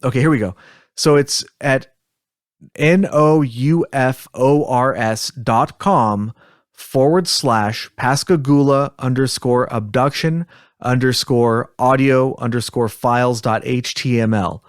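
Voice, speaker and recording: A man's voice: medium pitch, takes it slowly, no echo, studio quality. Ask for a rambling, chuckling male podcast host. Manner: rambling, chuckling, self-deprecating. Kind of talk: casual podcast chat.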